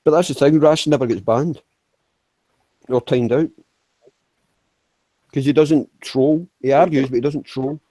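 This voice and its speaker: A man's voice: fairly high pitch, fairly even intonation, unhurried, long pauses, mellow, dry recording, rough recording. A man chatting casually, rambling with stammered restarts and frequent swearing. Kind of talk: casual chat.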